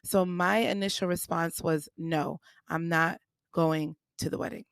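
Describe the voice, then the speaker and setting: Low-voiced woman telling a personal story. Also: steady tone, unhurried, vocal fry, dry recording, studio quality. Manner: candid, conversational, acts out quoted voices. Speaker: podcast host.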